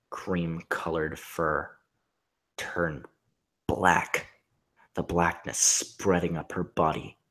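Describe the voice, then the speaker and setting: A husky man reading fan fiction aloud in hushed, half-whispered deadpan narration. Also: low-pitched. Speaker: reader.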